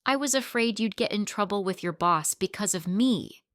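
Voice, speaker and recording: A woman's voice: mid-range voice, lively intonation, normal speed, fairly bright tone, no room sound, clean studio sound, lightly acted. A woman playing a poised businesswoman. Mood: reminiscing. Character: poised successful businesswoman, kind and confident.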